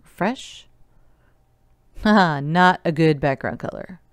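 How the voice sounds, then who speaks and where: A woman teacher walks through a remote coding lesson slowly and patiently, counting things out step by step. Her voice sits low, smooth and clear. It is recorded dry and close, with no room echo.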